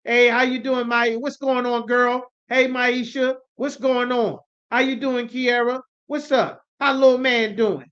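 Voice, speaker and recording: A man's voice: extremely high pitch, steady tone, measured pace, hardly any pauses, fairly bright tone, smooth, muffled recording, pitched above the performer's own voice. A man voicing a chatty female nail salon worker who makes friendly, overly familiar small talk. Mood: chirpy, familiar.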